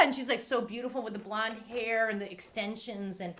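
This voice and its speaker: Fairly quick and full of energy, a woman presents a music teachers' workshop with strong emphasis. Her pitch jumps widely whenever she performs a quote.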